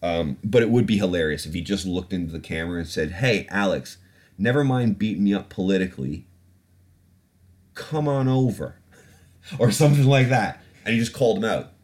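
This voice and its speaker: A man hosting a podcast in a casual, heated rant, profane and mocking. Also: mid-range voice. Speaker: podcast host.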